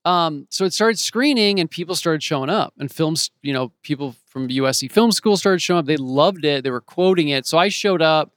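Smooth-voiced man telling lively anecdotes. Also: on the high side, brisk, few pauses, no echo. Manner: animated, acts out quoted voices in his stories. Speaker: interview guest, actor and author. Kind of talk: casual storytelling in an interview. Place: home in Los Angeles.

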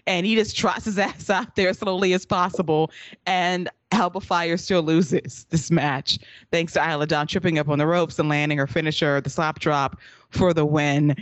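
A podcast co-host recapping a wrestling show, laughing often and turning sarcastic about a bad finish. Voice of middling pitch, recorded dry and close with no room sound. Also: fairly even intonation, normal speed, fairly bright tone, no room sound. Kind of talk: casual wrestling recap chat.

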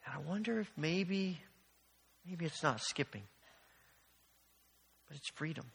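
Male pastor, sermon, bright forceful tone, slightly high voice, long church reverb. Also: measured pace, gravelly, slightly rough. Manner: storytelling with animated, earnest delivery. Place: church sanctuary.

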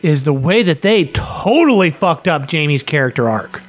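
A man's voice: on the high side, animated, moderate pace, faint music behind. A man in casual podcast chat, ranting animatedly with heavy swearing. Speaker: podcast co-host.

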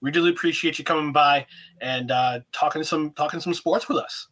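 Bright, fairly high-voiced podcast host. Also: male voice, fairly quick. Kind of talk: casual sports chat.

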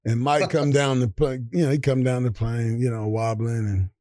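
A man's voice: medium pitch, moderate pace, no echo, clean studio sound. Older man telling rowdy stories. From Atlanta, Georgia, US. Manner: animated, profane, laughing as he acts out quotes. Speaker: guest, retired football player. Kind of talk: casual storytelling.

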